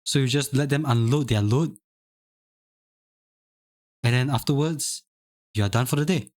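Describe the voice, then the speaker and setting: A young man chats on a live stream in a loose, rambling way. He restarts phrases often and laughs easily. His voice sits at a middling pitch. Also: unhurried, a little mellow. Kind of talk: casual chat.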